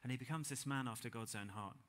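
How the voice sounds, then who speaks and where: Bright-voiced preacher, conversational. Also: male voice, medium pitch, quick pace. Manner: conversational, self-deprecating, builds to emphatic peaks then drops quiet. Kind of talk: sermon. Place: church hall with congregation.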